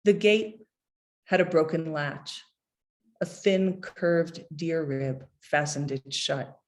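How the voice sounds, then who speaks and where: A middle-aged woman poet reading her poems aloud at a book launch, measured and deliberate, with hesitant asides between pieces. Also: low voice, a little mellow. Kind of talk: poetry reading.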